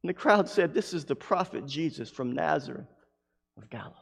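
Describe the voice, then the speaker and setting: A man preaching a sermon who reads scripture aloud and swings from loud, emphatic lines to hushed ones. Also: a little high, lively intonation, fairly quick, vocal fry, breathy edge. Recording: long hall reverb.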